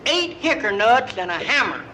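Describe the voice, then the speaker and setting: A man's voice: extremely high pitch, very animated, moderate pace, very noisy. A middle-aged man with an East Texas accent telling folksy comic yarns, drawling and slipping into the voices of the people in his stories. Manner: drawling folksy yarn-spinner, slips into quoted voices. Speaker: storytelling comedian. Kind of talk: live comic storytelling.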